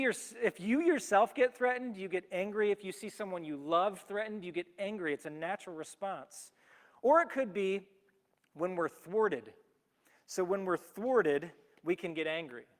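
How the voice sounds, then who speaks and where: Male pastor with a high voice, chatty and emphatic sermon delivery, recorded in a reverberant church hall. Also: moderate pace. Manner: storytelling with everyday examples, lively and emphatic. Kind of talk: conversational sermon.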